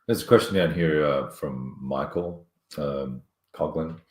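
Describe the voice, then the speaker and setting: A man's voice: rumbling low, unhurried, a little mellow. A man co-hosting a board game stream in casual chat, laid-back, often giving short agreeing replies. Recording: roomy echo.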